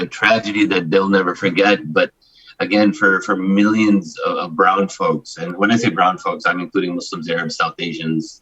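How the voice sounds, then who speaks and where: Brief: forties male interview guest, low voice, husky timbre, lo-fi remote line. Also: pushed and bright. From Chicago, United States. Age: 40s. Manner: emphatic, fast-flowing with frequent restarts. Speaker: guest, human rights attorney. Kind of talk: candid interview talk.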